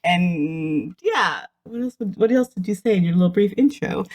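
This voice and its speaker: A woman's voice: on the low side, expressive, normal speed, darkish tone. Giggly chatty woman podcast co-host. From Washington state, US. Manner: giggly, rambling, many restarts. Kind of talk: casual chat.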